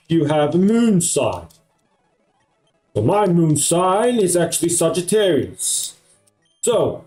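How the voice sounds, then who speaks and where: A man's voice: sits high, mellow, rough recording. A man from Australia with an American-sounding accent, chatting casually on a live stream in a rambling way, full of fillers. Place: home at night.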